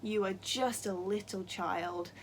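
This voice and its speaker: Excitable young woman book vlogger. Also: medium pitch, slow pace, a little hiss or hum. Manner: gushing and excitable, laughs often, gets worked up. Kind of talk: casual book-tag vlog.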